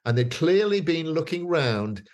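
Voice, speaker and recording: A man's voice: a little high, big pitch swings, a little slow, a little mellow. A man, telling stories as a guest in a casual chat, rambling with many fillers and restarts. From northeast England.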